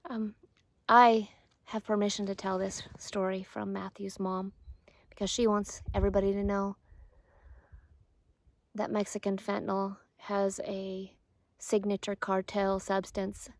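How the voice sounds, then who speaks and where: A middle-aged woman, a respiratory therapist, telling a personal story in a soft, hushed, earnest way. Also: medium pitch, completely flat delivery, measured pace, pauses often.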